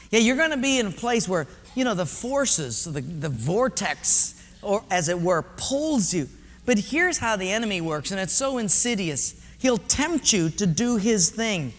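Pastor preaching, lively pitch, faint hum behind. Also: male voice, measured pace, long reverb tail. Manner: animated storytelling, drops low for emphasis. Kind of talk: sermon.

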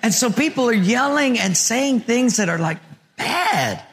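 A male pastor preaching a sermon and telling a personal story, animated, dropping to a hushed murmur for his inner thoughts. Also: very high voice, measured pace, crowd noise, background noise.

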